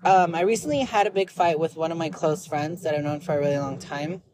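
A woman's voice: sits low, fairly quick, background noise. A young woman talking candidly in a personal vlog, rambling and blunt, with lots of filler words and an emotional, confessional manner. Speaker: vlogger.

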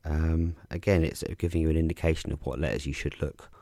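Very deep gravelly man, casual. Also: fast, dry recording. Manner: relaxed, chatty, frequent ums and self-corrections. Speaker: podcast host explaining crossword clues. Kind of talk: casual explanatory talk.

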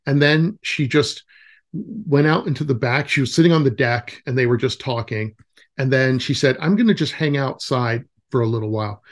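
Gen x guy rambling thru a story, lots of um and you know, middle pitch. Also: normal speed. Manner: rambling storytelling with many fillers and restarts. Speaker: guest, nature camp director. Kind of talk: casual interview talk.

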